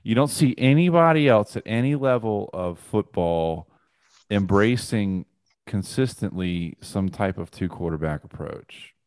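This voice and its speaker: A man's voice: on the low side, animated, a little slow, darkish tone. A man co-hosting a casual sports chat, making his case emphatically.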